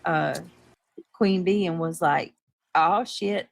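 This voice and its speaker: A woman's voice: on the low side, slow pace, vocal fry, no room sound. A woman chatting loosely in a livestream, often repeating herself and trailing off. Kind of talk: casual livestream gossip chat.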